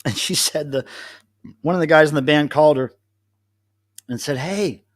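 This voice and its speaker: A man's voice: a little high, steady tone, moderate pace. A middle-aged man rambling and joking with viewers by name as he hosts a casual live stream from home, alone. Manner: rambling, self-amused, chats to commenters by name. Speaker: livestream host.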